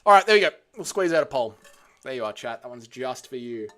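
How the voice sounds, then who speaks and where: A man's voice: mid-range voice, lively intonation, fast talker, fairly bright tone. A man hosting a casual livestream, reading chat messages aloud and answering with crude, profane banter. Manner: crude, profane banter, calls people mate.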